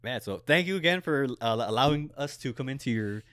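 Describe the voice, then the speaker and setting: A young man hosting a casual interview in a small office, animated and laughing often as he tells stories. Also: medium pitch, fairly quick, no echo, studio quality. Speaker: podcast host.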